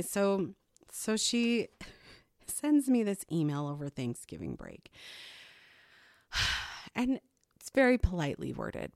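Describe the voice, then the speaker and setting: A woman's voice: fairly low pitch, a little mellow, no echo, clean studio sound. A woman in her thirties talking to camera as a mother, venting her frustration with occasional rueful laughs. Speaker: mother of an adopted child. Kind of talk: personal vlog monologue.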